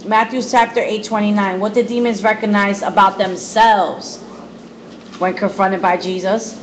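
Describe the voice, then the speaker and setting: A woman's voice: mid-range voice, steady tone, normal speed, a little hiss or hum, low-quality recording. A woman leading a Bible study, reading scripture aloud and commenting, repeating words for emphasis, recorded on a phone. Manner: repetitive emphasis.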